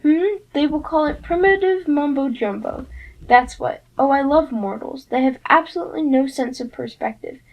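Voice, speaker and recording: A sneering, impatient pudgy camp director who scoffs at mortals, as a woman reader puts him on. His lines drawl out with open contempt. The voice sits somewhat high. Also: moderate pace, lo-fi sound. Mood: scornful.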